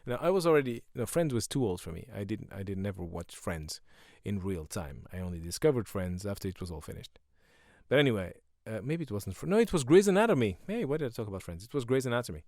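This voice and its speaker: A middle-aged man hosting a solo podcast, rambling sardonically and breaking into quick silly voices. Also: lowish voice, sing-song, a little mellow, no echo, studio quality. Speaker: podcast host.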